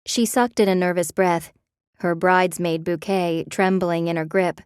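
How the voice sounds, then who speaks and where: A woman narrating a romance audiobook in a measured, expressive way. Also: lowish voice, smooth, no echo, studio quality.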